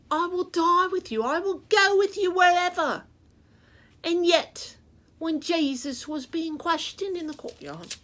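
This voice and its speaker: A woman doing a chatty, high-voiced rooster. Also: full character voice. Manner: sing-song, rhyming, talks straight to kids. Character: chatty rooster puppet reading Bible stories to kids. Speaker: children's Bible storyteller. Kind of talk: children's show reading.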